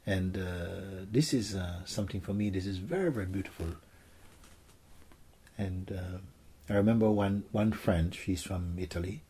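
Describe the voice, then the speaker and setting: A man, a spiritual teacher, gently telling stories and answering questions for a gathering in a soft, hushed way. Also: low-pitched, moderate pace, slight background noise. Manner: soft-spoken, gentle storytelling, often drops to a hush.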